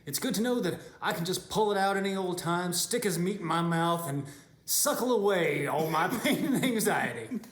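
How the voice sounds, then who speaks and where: A man's voice: sits high, lively intonation, normal speed, fairly bright tone, reverberant. An actor playing a lonely male trail hiker, delivering an earnest, suggestive spokesman read for a parody commercial. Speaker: spokesman in a mock jerky advert.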